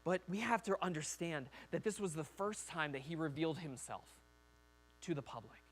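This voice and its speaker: A man's voice: on the high side, moderate pace. Man preaching a casual, conversational sermon. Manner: conversational, acts out quoted voices. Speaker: pastor. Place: church.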